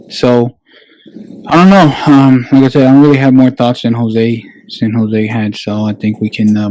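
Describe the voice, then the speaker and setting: A man's voice: medium pitch, dark tone, no echo, low-quality recording. A man speaking as a guest on a casual podcast, loose and rambling, with many filler words.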